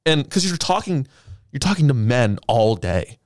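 This podcast co-host has a mid-range, darkish voice with big pitch swings, speaking at normal speed in studio-quality audio without room sound. He chats casually, bluntly, and swears freely.

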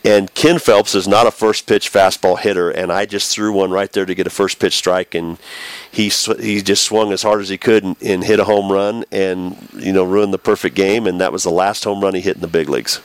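Deep-voiced man telling a story. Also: a little fast, no echo. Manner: animated storyteller, acts out quotes. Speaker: former baseball pitcher, guest. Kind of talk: storytelling interview.

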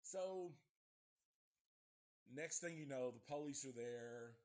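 A man's voice: medium pitch, slow pace, a little mellow. A middle-aged man from the Nashville area, recapping a movie plot in a profane, rambling live review. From Nashville area, USA.

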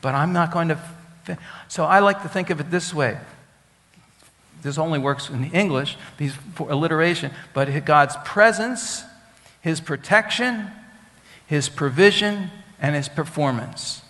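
Preacher, male, somewhat high voice, emphatic and repetitive, questions the flock; long hall reverb. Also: measured pace, a bit bright. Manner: teaching with Hebrew words, asks the congregation questions; emphatic, repeats key phrases. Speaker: rabbi. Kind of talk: sermon.

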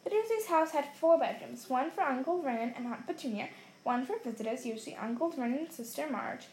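A woman reading a storybook aloud in an expressive storytelling manner. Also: high-pitched, fairly quick, slight background noise. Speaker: reader.

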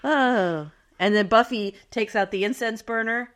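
A woman's voice: on the high side, unhurried. A woman co-hosting a podcast, casually recapping a TV episode in a chatty way and laughing often. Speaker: podcast co-host.

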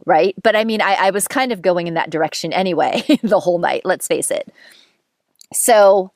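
A woman with a fairly low voice tells a personal story in a loose, candid way, swearing freely and laughing at herself. The sound is dry and close, with no room around it. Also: no echo. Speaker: podcast host telling a dating story. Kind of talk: casual storytelling monologue.

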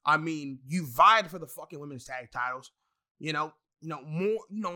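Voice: mid-range voice, a little fast, sharp tone. A wrestling fan in a casual, profane rant full of exasperated asides and heavy swearing.

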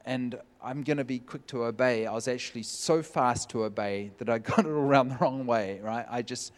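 A man preaching, telling a humorous personal story with lively, joking delivery. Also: mid-range voice, normal speed. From California. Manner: animated, jokey storytelling with laughs. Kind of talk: sermon storytelling.

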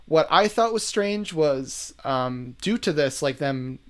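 A man's voice: fairly high pitch, slow pace, clear, resonant tone. Casual man chatting about an episode. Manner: relaxed, conversational, many fillers. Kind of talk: casual chat reviewing a TV episode.

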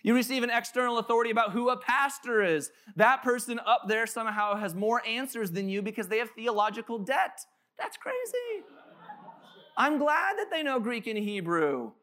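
A man's voice: very high-pitched, expressive, a little fast, hardly any pauses, sharp tone. A man in his thirties, a pastor telling joking, casual stories in a sermon at a church. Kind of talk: conversational sermon. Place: church sanctuary.

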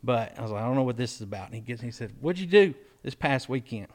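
A man's voice: medium pitch, animated, quick pace, a little mellow. A man, from Mississippi, co-hosting a casual chat and rambling through stories with acted-out quotes. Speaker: podcast co-host.

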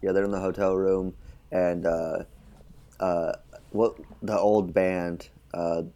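Low-voiced man, rambling casual chat. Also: level tone, slow pace, crowd noise. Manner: loose and hesitant, full of likes and uhs. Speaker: podcast co-host. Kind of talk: casual chat recapping a film.

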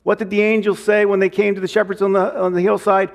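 A man's voice: high voice, flat delivery, fast talker, vocal fry, hardly any pauses. A man preaching a sermon as pastor, reading scripture and repeating key lines for emphasis. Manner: reads scripture aloud.

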